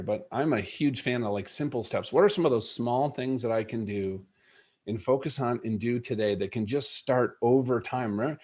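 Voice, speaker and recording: A man's voice: mid-range voice, darkish tone. A middle-aged man, a guest in an interview, earnestly telling a personal story and acting out bits of dialogue.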